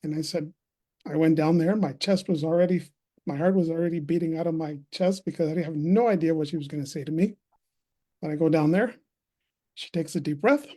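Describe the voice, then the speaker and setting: Man, late thirties, earnest reflective storyteller, mellow dark tone, video call. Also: a little high, brisk. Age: 30s. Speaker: conference speaker and poet. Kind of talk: personal testimony talk.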